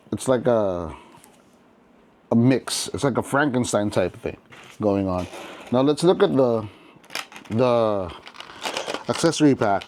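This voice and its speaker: A man's voice: mid-range voice, darkish tone, slight background noise. A man hosting a casual toy unboxing review, chatty and enthusiastic, talking straight to his viewers with frequent restarts.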